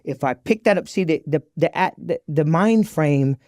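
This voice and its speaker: A man, a podcast guest, telling his recovery story in an animated, slangy way and acting out the dialogue. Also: on the high side, moderate pace, no echo, clean studio sound.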